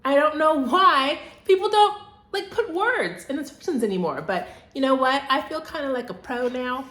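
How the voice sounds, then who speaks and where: A woman talking casually in a home vlog, chatty and excitable, rambling along with little laughs. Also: high-pitched, normal speed, echoey room. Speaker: home decor vlogger. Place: at home indoors.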